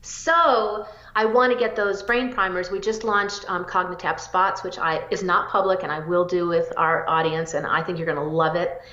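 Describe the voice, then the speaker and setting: A woman psychologist answering interview questions with eager energy and quick bursts of speech. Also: fairly low pitch, pushed and bright. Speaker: psychologist guest. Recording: roomy, dull lo-fi audio.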